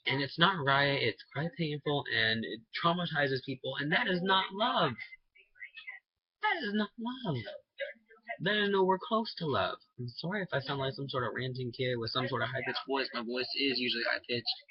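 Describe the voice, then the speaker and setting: A teenage vlogger with a medium-pitched, slightly rough voice rants at a fairly quick pace in a rambling, indignant monologue, his voice jumping up sharply whenever he gets worked up. The recording is dry and dull, with a lo-fi quality.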